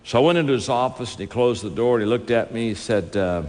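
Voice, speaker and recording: A man's voice: mid-range voice, quick pace, hardly any pauses, darkish tone, slight background noise. A man telling a story from the stage in a sermon, acting out the dialogue with lots of animation. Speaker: speaker. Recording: reverberant hall, faint ambience.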